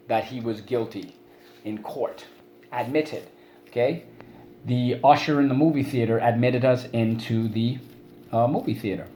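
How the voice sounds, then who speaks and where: A man's voice: mid-range voice, darkish tone, slight background noise. A man teaching a spelling and vocabulary lesson, drilling words syllable by syllable and prompting students to repeat after him.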